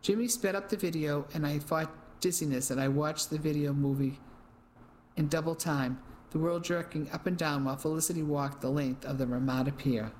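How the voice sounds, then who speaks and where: An audiobook narrator reading a first-person mystery novel in a steady, even storytelling manner. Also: medium pitch, normal speed, slight background noise, low-quality recording.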